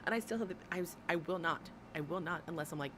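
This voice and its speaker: A woman's voice: lowish voice, quick pace. A woman hosting a livestream, ranting and gossiping bluntly and sarcastically with lots of swearing. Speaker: livestream host. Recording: noisy background.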